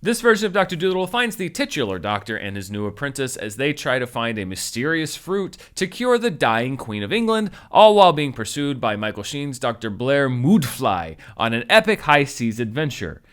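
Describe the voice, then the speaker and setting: A man giving a spoken movie review in a wry, animated way, jumping high in pitch for emphasis. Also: normal speed, hardly any pauses. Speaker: film critic.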